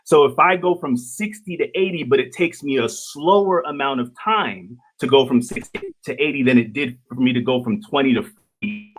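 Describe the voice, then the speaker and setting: A man on a discussion panel who explains his points calmly and patiently. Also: mid-range voice, normal speed, hardly any pauses, slightly rough, rough recording. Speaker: panel guest. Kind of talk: panel debate.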